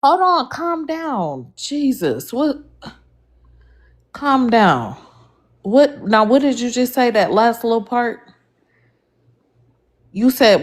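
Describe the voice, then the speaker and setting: A woman's voice: a little high, big pitch swings, slow, long pauses. A woman in a live online debate, correcting another speaker with emphatic, exasperated pushback. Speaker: debate participant.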